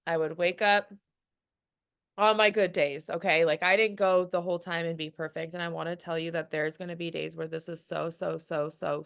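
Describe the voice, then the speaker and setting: Young woman, lowish voice, candid motivational talk, team call, quotes her inner voice. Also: vocal fry, fairly bright tone, smooth.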